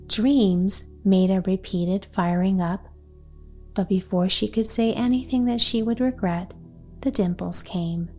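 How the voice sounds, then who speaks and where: Storyteller: hushed woman narrating a bedtime tale; dark, breathy tone, slow delivery. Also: mid-range voice, steady tone, faint music behind. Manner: soft, hushed and unhurried, often near a whisper. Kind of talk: calm bedtime story reading.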